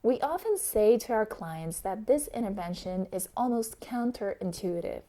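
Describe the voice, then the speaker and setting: A woman instructor giving a calm, explanatory scripted narration about coaching methods. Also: medium pitch, normal speed, soft background music.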